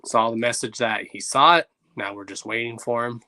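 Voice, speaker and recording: A man's voice: medium pitch, normal speed, bright, forceful tone, a little hiss or hum. A man hosting a livestream, chatting loosely and reacting to viewers' messages. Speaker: livestream host. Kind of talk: casual livestream chat.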